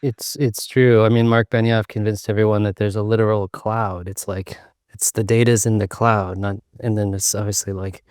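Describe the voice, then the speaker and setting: A man from the United States joins a podcast as a guest over a video call. He speaks in a low voice and rambles with jokes. The sound is dry. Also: little pitch movement, normal speed, darkish tone, clear, resonant tone, no echo. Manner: rambling, jokey. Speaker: guest, sales consultant. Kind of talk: interview conversation.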